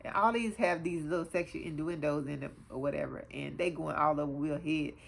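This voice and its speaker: Woman, casual recap host, lower register, chatty and animated, filler-heavy. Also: brisk, vocal fry, a little hiss or hum. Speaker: TV show reviewer, host.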